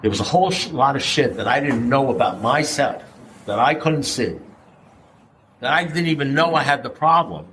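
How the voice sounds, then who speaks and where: A man's voice: medium pitch, expressive, normal speed, a bit bright, slight background noise, poor audio. A middle-aged man speaking at a recovery meeting, blunt and conversational, throwing out rhetorical questions and the odd curse. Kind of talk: personal share at a recovery meeting.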